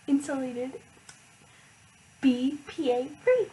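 A teenage girl vlogging an unboxing, hyper and excitable, with lots of filler words. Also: sits high, slow pace, heavy background noise. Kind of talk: casual unboxing vlog.

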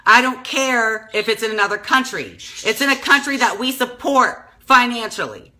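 Emotional woman in her 30s, pleading and teary, bright fairly high voice. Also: moderate pace. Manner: emotional, pleading, repeats herself. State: tearful, crying at times. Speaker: speaker addressing the public. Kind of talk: impassioned personal appeal.

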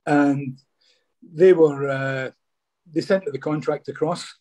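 A man's voice: fairly high pitch, fairly even intonation, slow pace, darkish tone. A Scottish man, a former footballer, telling stories casually in an interview and often saying "mate". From Scotland. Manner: chatty, says "mate" a lot.

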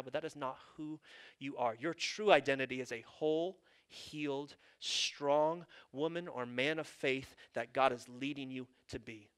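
A man's voice: mid-range voice, a bit bright, clear, resonant tone. A male pastor preaching a sermon in an earnest, conversational way, with casual asides.

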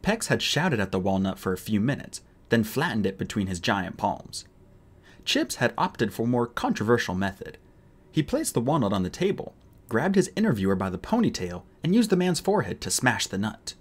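A man reading an audiobook aloud in an expressive narrating style. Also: on the low side, moderate pace, husky. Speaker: audiobook reader.

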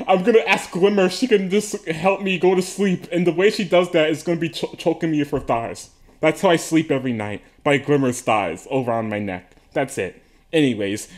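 A man talking to camera in a casual comedic monologue from an attic room, excitable and giggly, rambling with frequent laughs and yelps. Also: high voice. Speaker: video creator.

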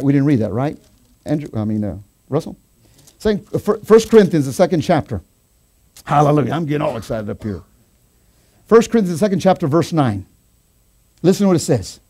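Man pastor preaching, lively rising pitch, mellow tone, excited storytelling. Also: normal speed. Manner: animated, rising to excited shouts; storytelling with quoted voices. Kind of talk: sermon. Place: church sanctuary.

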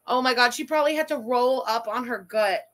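High-voiced woman streamer, cussing and cackling through a live reaction, sharp bright tone. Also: brisk. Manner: excitable, profane, laughing outbursts.

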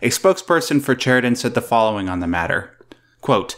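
A man's voice: medium pitch, sing-song, fairly quick. A man hosting an online news talk show, chatting with laughs and reading news items aloud over a call mic. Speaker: show host.

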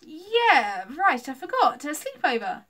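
Eager young girl, exclaiming, bright and high, storybook voice, a woman reading her. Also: expressive, brisk. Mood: excited.

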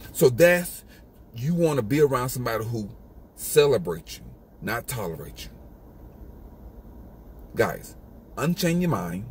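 A man's voice: mid-range voice, slight background noise. A man giving an emphatic, repetitive motivational monologue in a casual street style. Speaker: motivational speaker.

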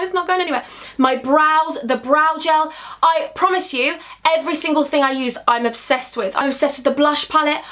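Bubbly young beauty vlogger, high-pitched, affectionate chatty style. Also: female voice, a bit bright. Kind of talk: casual makeup chat to camera.

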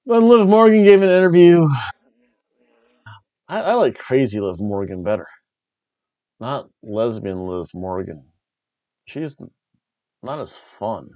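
A man hosting a wrestling review podcast, rambling and joking, jumping between loud bursts and mumbled asides. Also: mid-range voice, very animated, slow pace, long pauses, dry recording, muffled recording. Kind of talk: casual review chat.

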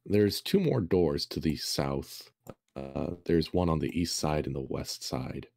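A man narrating as game master, describing rooms slowly with many fillers and pauses. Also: very deep voice, vocal fry, darkish tone, dry recording, studio quality. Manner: slow, hesitant, filler-heavy descriptions.

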